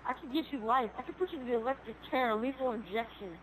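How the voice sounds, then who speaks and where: A woman's voice: a little high, fast talker, a little hiss or hum, rough recording. A woman playing a swearing, threatening police officer in an improvised game role-play. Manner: bossy, swearing, threatening, shouty.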